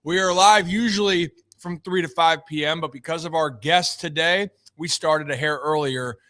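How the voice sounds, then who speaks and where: Man, sports talk host, upbeat and chatty, dry close sound, bright tone. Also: on the high side, normal speed, no echo. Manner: upbeat, conversational, talks straight to viewers. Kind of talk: live sports talk show opening.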